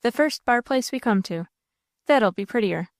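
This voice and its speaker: A woman reading an audiobook voices a rough, bullying country man who speaks in a coarse rural dialect and taunts coolly. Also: on the high side, lively intonation, normal speed, dry recording, clean studio sound. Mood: taunting. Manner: cool, taunting.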